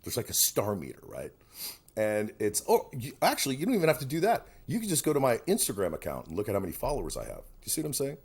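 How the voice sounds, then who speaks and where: A man's voice: medium pitch, fast talker, slightly rough. A middle-aged man co-hosting a podcast, telling stories in a loose, swearing, casual chat. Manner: animated storyteller, swears freely. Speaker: podcast co-host.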